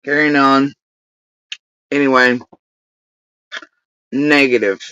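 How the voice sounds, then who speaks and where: A woman's voice: a bass voice, fairly even intonation, slow pace, pushed and bright, clean tone, lo-fi sound. A woman hosting a livestream, talking casually and cursing as she mocks someone. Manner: profane, mocking rants. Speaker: livestream host.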